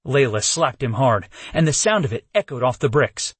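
A man narrating a first-person novel as an audiobook, telling the story in an expressive way. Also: mid-range voice, moderate pace, breathy edge, dry recording.

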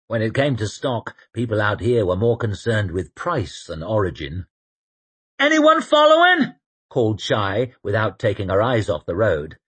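A man reading an audiobook with vivid, expressive storytelling. His voice is husky, and his pitch moves widely up and down through the action. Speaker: audiobook narrator. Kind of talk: scripted narration.

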